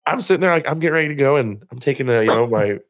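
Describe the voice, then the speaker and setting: A man's voice: medium pitch, lively intonation, rapid-fire. A man telling a long crude story on a podcast, rambling and swearing, acting out other people's lines. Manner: rambling storyteller, profane, acts out voices. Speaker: podcast co-host. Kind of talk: casual crude chat.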